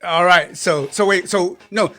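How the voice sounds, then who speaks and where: A man narrating as game master of a tabletop game, animated and quick to laugh, acting out characters. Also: sits high.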